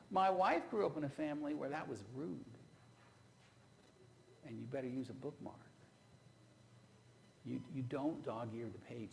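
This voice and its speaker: A man's voice: fairly high pitch, vocal fry, a little hiss or hum, poor audio. A man preaching a sermon, telling folksy stories from his own marriage and putting rhetorical questions to the congregation. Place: church.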